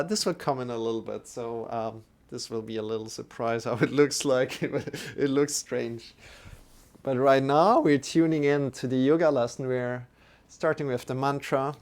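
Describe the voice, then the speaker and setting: A male yoga teacher talking through a live-streamed lesson in an unhurried, easygoing way. His voice is smooth and clean, sitting at an ordinary middle pitch. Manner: relaxed, chatty, greets viewers by name; slow, drawn-out mantra chanting.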